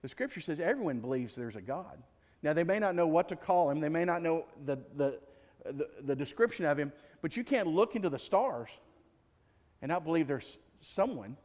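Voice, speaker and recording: A man's voice: a little high, big pitch swings, normal speed, a little mellow. A man preaching a sermon as pastor, in a conversational, jokey way full of rhetorical questions. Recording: long reverb of a large hall.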